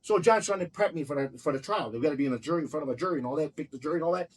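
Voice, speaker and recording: A man's voice: a little high, animated, racing, slightly rough. A man telling his own stories in a casual chat, blunt, heated and full of swearing. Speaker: storyteller recounting his own run-ins.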